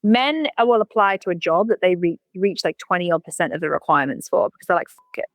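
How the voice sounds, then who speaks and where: A woman's voice: lowish voice, expressive, quick pace, no echo. A woman, a company founder, chatting as a podcast guest in a blunt, emphatic way and swearing casually. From United Kingdom. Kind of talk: casual interview chat.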